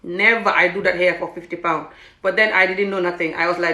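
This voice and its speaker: Animated Gambian woman in an echoey room. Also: mid-range voice, moderate pace. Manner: animated, acts out quoted speech, frequent "what the hell". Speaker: vlogger telling her story. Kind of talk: casual personal storytelling.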